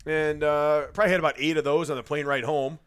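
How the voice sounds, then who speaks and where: A man's voice: fairly high pitch, steady tone, quick pace, fairly bright tone, smooth. A man rambling through laughing anecdotes in a casual podcast chat, drinking as he talks. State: drinking while talking. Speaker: guest storyteller.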